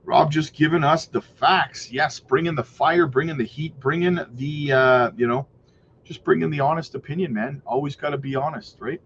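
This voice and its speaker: A man talks loosely on a crypto livestream, rambling and answering viewers' questions. His voice sits a bit high. The recording is slightly muffled, with faint noise behind it. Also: moderate pace. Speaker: crypto channel host. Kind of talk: casual livestream chat and news reading.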